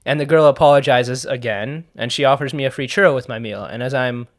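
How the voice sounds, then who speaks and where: A man performing a practice monologue as an annoyed, sardonic man telling a grim story in a dry, deadpan way. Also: medium pitch, a little fast, lightly acted.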